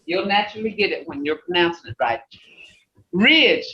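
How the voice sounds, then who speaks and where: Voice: mid-range voice, expressive, moderate pace, bright, forceful tone. A language teacher leading an online class, patiently repeating words and checking that everyone follows. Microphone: video call. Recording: echoey, muffled video call audio.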